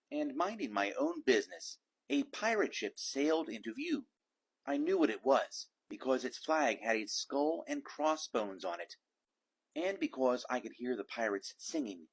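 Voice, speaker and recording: A man hosting a read-aloud show, reading a children's picture book with expressive storytelling. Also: medium pitch, breathy edge, rough recording.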